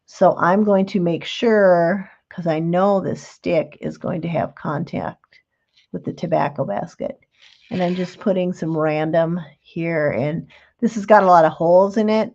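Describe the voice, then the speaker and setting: Middle-aged lady hosting a live craft demo, chatty and homey, kinda low voice, muffled stream sound. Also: a little mellow. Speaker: craft show host.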